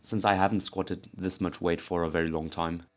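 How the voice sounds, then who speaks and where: A powerlifter narrating his training vlog in an earnest, measured voice-over. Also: low-pitched, level tone.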